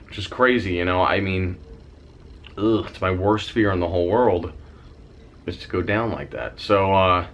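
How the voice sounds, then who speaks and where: A man's voice: low voice, normal speed. A young man telling a dramatic story in a casual vlog, swearing freely and mimicking the noises as he goes. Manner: animated, dramatic retelling with sound effects. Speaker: vlogger.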